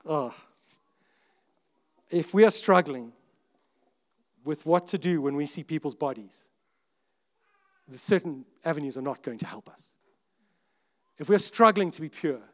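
A man preaching a sermon in an earnest, conversational way, breaking off to restart sentences and suddenly getting louder. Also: a little high, lively intonation, takes it slowly, long pauses. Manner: earnest, conversational, with self-interrupting restarts and sudden rises in volume. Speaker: pastor.

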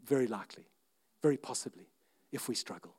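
A man preaching a sermon in an earnest, conversational way, breaking off to restart sentences and suddenly getting louder. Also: medium pitch, lively intonation, fast talker, breathy edge. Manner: earnest, conversational, with self-interrupting restarts and sudden rises in volume. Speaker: pastor.

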